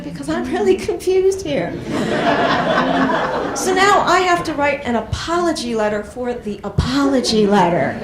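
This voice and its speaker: A woman doing a stand-up comedy set on a club stage, telling stories in a chatty way with lots of fillers. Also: a little high. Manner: chatty storytelling with frequent fillers. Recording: echoey club room, faint noise.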